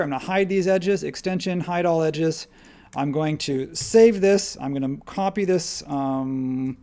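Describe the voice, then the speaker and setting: A man hosting a live software tutorial, talking casually and upbeat, thinking aloud as he works. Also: a little high, vocal fry. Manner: rambling, upbeat, thinks aloud while working. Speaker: live stream host and modeling instructor.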